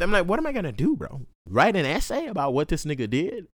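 A young man telling his stories in a slangy, swearing, animated way, with his voice swinging widely up and down. His pitch sits a little high, and the recording is dry and close. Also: fast, dry recording. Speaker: podcast host and college student. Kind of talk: casual storytelling monologue.

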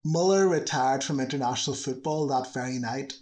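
A man's voice: mid-range voice, a little fast, noisy background. Male narrator for a football history video; chatty, scripted, dry humor in the asides.

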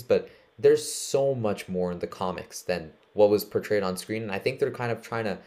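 A man co-hosts a casual podcast chat with a joking, self-deprecating manner. His voice sits low. He talks easily and informally. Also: darkish tone. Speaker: podcast co-host.

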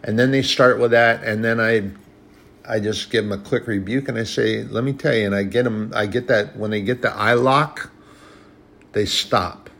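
Gravelly low-voiced man preaching. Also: steady tone, normal speed, a bit bright. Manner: earnest, conversational preaching with restarts. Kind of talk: sermon.

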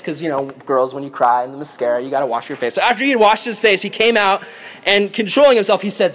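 A young man giving a casual, joking Bible lesson, retelling the story in an animated, playful way. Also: sits high, quick pace. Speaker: youth Bible teacher.

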